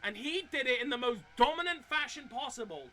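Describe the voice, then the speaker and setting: A man commentating live on a sim racing league race, excitable and often stumbling over his words. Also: very high-pitched, a little fast.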